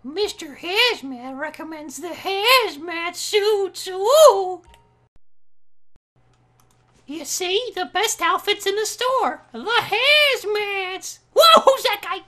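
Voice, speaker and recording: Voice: very high voice, animated, takes it slowly, sharp tone, exaggerated voice. A video game player voicing Mister Hazmat, a giddy, volatile man in a hazmat suit, talking about himself in the third person with erratic swings between glee and rage. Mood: goofy. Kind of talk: comedic role-play over online gameplay.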